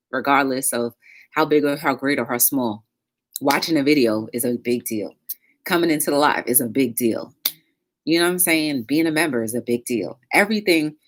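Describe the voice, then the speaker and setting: A woman hosting a casual live-stream talk show, greeting viewers by name in a bubbly sing-song way and chatting upbeat about her day. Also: sits low.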